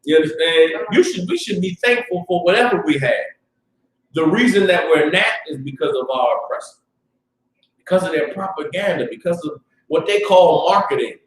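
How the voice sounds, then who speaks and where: A man teaching a religious class with a Southern US accent, talking in a fiery, casual street style that rises into shouts. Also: fairly high pitch, lively intonation, moderate pace. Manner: fiery, shouting at peaks, profane asides. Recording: roomy echo, distant mic.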